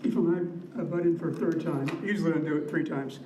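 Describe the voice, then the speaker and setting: A man's voice: on the high side, steady tone, fast. A man giving public comment at a city meeting, rambling and repeating himself with many fillers. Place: council meeting room. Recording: echoey room, distant mic, faint noise.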